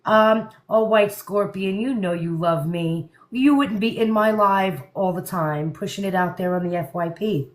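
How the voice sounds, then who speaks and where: A woman's voice: mid-range voice, measured pace, hardly any pauses, low-quality recording. A woman hosting a live stream, chatting casually and speaking her mind. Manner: outspoken, chatty.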